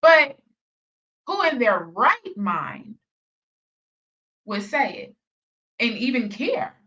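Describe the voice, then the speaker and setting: A woman's voice: fairly high pitch, big pitch swings, extremely slow, pushed and bright. A challenging woman reaction host. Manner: challenging, repetitive questioning. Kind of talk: reaction commentary. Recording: dull sound, distant from mic.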